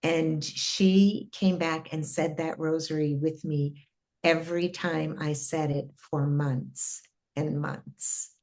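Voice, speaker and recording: Low-voiced woman recounting spiritual visits. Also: fairly even intonation, takes it slowly, darkish tone. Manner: earnest, many fillers and restarts. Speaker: guest telling spiritual experiences. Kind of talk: casual interview storytelling.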